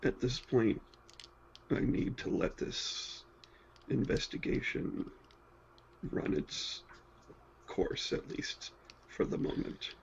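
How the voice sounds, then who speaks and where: Man as honor-bound jailed fighter; gravelly, calm, matter-of-fact; lo-fi home mic. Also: mid-range voice, takes it slowly, pauses often. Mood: steady. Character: stubborn, honor-bound jailed male adventurer. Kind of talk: in-character tabletop role-play. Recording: dull lo-fi mic with faint hiss.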